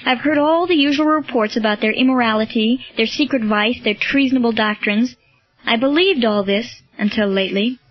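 A woman reading the part of an earnest young male Roman soldier, speaking in a pleading, searching way. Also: high voice. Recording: dull lo-fi, dry.

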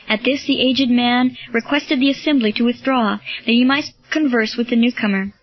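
A woman narrating an audiobook in a steady, clear storytelling manner. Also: on the high side, normal speed, few pauses, dry recording. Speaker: audiobook reader. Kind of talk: scripted narration. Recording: dull lo-fi, dry.

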